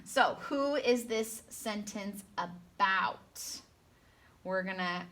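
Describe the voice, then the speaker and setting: Woman, school teacher, very slow careful pace, bright tone, sing-song, drawn-out sounds, playful. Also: medium pitch. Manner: animated, with gasps and playful asides. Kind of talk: remote phonics lesson for young children.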